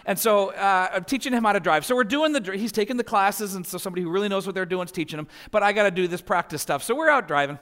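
Pastor in his 40s, tenor-high voice, story-driven sermon, long church-hall reverb. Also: fast talker, hardly any pauses, a bit bright. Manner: storytelling, voice rising in anecdotes.

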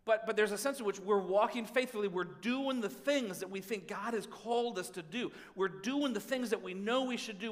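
A pastor with a high voice preaches a sermon, praying aloud and swinging between pleading and hushed tones, often repeating words as he goes. The sound is that of a big room.

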